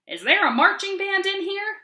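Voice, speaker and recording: A woman voices a very old, forgetful soda-shop man from a storybook, who calls out in a high, loud, chirpy voice well above her own. He is cheerful and bright. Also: lively intonation, moderate pace, heavily acted. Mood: cheery.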